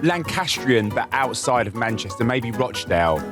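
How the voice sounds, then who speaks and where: A man's voice: mid-range voice, sing-song, moderate pace, music in the background. A man co-hosting a podcast in casual chat, hesitant and wry, often stumbling over his words. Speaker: podcast co-host.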